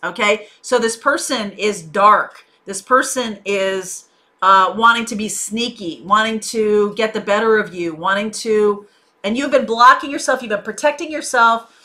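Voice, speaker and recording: A woman talks through a tarot reading in a relaxed, conversational way, full of small fillers. Her voice is bright and forward at a middling pitch. She sounds reassuring and unhurried. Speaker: tarot reader.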